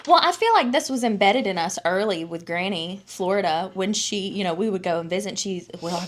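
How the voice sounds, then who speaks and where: A woman's voice: medium pitch, fairly quick, hardly any pauses. A woman in her thirties co-hosting a podcast, chatting casually and telling family stories with lots of acted-out quotes and cursing. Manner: animated storytelling, acts out quotes, swears freely. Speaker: podcast co-host. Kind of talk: casual chat.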